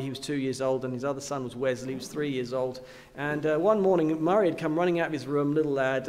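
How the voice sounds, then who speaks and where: A man's voice: fairly high pitch, darkish tone. A man preaching a sermon in an earnest manner, often asking his listeners questions and repeating key words. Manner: earnest, with rhetorical questions and repetition. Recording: long hall reverb.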